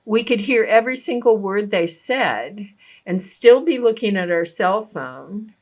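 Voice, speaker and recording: An older woman giving a thoughtful teaching talk on listening, speaking with gentle emphasis. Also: medium pitch. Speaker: relationship teacher.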